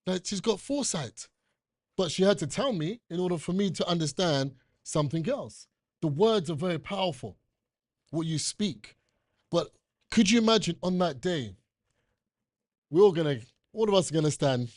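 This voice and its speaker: A man's voice: fairly high pitch, moderate pace, no room sound, studio quality. Emphatic British man preaching a sermon. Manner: animated, emphatic scripture reading. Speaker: elder preacher.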